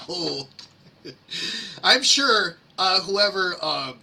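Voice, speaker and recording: A man's voice: sits high, animated, unhurried, pushed and bright, a little hiss or hum. A man reading complaints aloud on a live screen-share and mocking them with sarcastic asides, rambling with many fillers. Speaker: host reading public complaints. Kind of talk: casual screen-share commentary.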